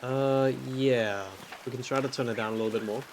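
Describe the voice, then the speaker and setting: Brief: male streamer, casual offhand play-by-play, medium pitch. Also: fairly even intonation, fairly quick, slight background noise. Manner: casual, offhand commentary while exploring. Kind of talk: casual let's-play chat.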